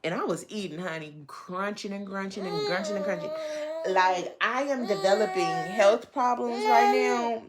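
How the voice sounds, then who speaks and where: A woman vlogger talking casually to her viewers into a handheld microphone, rambling and playful, often talking low and sultry. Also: normal speed, very noisy. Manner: playful, rambling, breaks into laughs and sung lines; talks low and sultry at times.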